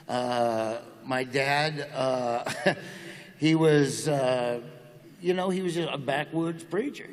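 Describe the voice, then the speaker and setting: Joking Southern man in a hall. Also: on the high side. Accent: Southern American. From Nebraska, United States. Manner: joking, drawling storyteller. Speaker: comedian interview guest. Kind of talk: casual stage interview. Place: large hall before a live audience.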